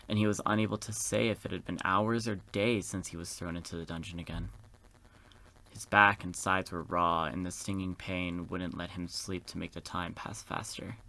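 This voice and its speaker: Deep-voiced sassy man reading a game aloud. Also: pushed and bright. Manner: sassy, campy and profane asides. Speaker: gaming video host. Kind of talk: reading a visual novel aloud with commentary.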